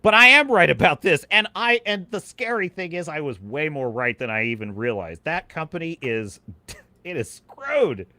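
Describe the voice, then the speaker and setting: A man hosts a live stream, chatting to his viewers in an excitable rant that keeps breaking into laughs. His voice runs fairly high and swoops a lot, with a bright, forceful edge. The sound is dry and close. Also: moderate pace, dry recording. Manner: animated, laughing, reads chat aloud. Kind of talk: ranting live stream chat.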